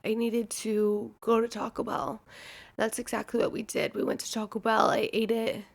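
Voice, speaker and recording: A woman's voice: on the high side, monotone, moderate pace, gravelly. A woman in her twenties hosting a podcast, telling a rambling story in a chatty, casual way full of fillers. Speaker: podcast host.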